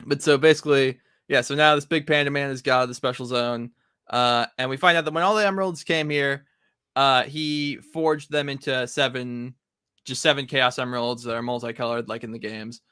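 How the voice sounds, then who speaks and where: Bright-voiced young man, dry close sound. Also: mid-range voice, steady tone, fairly quick, clean tone, no echo. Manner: laughing, swearing, puts on character voices in retellings. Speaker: podcast co-host discussing comics. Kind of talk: casual chat.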